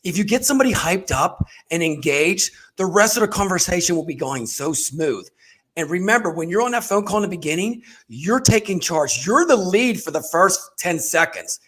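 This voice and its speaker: Hyped, high-energy man host. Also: expressive, moderate pace, fairly bright tone, breathy edge. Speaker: staffing company host. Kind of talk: casual podcast chat.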